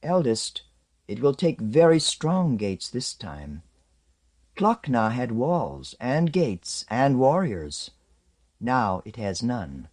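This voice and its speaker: A man voicing an alien envoy who speaks in a quiet, grave voice. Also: medium pitch.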